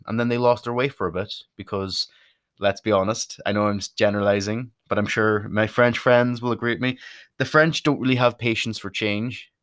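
A man's voice: fairly low pitch, a bit bright, no echo, clean studio sound. A chatty, self-deprecating Irish man rambling through his opinions in a casual monologue. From Ireland.

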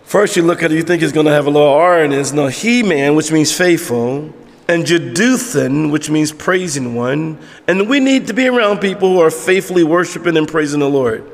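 A man with a notably high voice delivers a sermon as pastor in a church sanctuary, his words ringing with long reverb. He preaches emphatically but conversationally, throwing rhetorical questions to the congregation. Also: animated, fairly quick.

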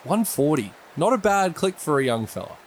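A man's voice: on the high side, very animated, normal speed, a little hiss or hum. A man doing casual, chatty co-commentary on a simulated cricket match. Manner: loose and chatty, with fillers and laughs.

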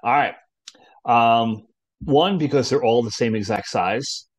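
A man's voice: medium pitch, slow, breathy edge, no room sound. A man in a casual chat, easygoing and explaining things step by step. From New Jersey. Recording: dry close sound.

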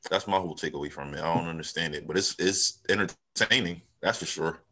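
Laid-back man with a lowish voice. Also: brisk, bright, forceful tone. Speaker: podcast co-host. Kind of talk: casual chat.

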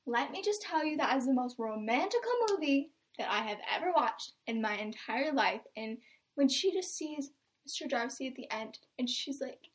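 A woman's voice: high-pitched, expressive, moderate pace. A young woman hosting a casual podcast chat, telling stories with dramatic flair. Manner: chatty, dramatic storyteller. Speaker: podcast host.

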